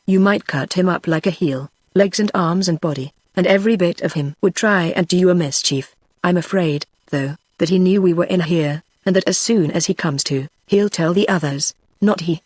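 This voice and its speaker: A synthetic text-to-speech voice reading a novel aloud as narrator, giving every character the same even delivery. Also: mid-range voice, normal speed, hardly any pauses, no echo, clean studio sound. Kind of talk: scripted narration.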